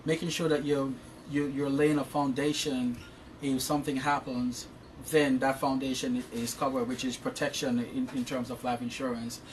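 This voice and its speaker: A man's voice: medium pitch, little pitch movement, moderate pace, recorded from a distance, slight background noise. A man from Jamaica with a Jamaican accent, giving long, earnest interview answers about his insurance work and often restarting his words. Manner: explains at length. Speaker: interview guest, insurance professional.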